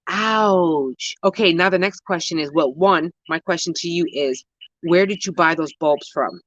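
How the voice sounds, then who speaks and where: A slangy new gardener vlogs outdoors in a home garden, answering viewer questions on a handheld phone camera while walking. The medium-pitched, slightly bright voice moves at a measured pace, rambling and self-correcting in casual chat, and the sound is dry, somewhat muffled and lo-fi.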